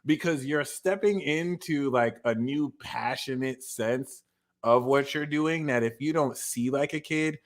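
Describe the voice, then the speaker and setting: An animated man talks through a tarot spread in a loose, conversational way. He speaks straight to his viewers and throws in slangy asides. His voice sits at an ordinary middle pitch for a man. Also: unhurried. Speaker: tarot reader. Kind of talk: casual tarot reading.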